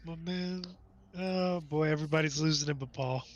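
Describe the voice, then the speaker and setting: A man's voice: a little high, dull audio, slight background noise. A man playing in a tabletop role-playing game, chatting casually and easily amused while he rolls dice. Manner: easily amused, drawn-out and unhurried. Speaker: player.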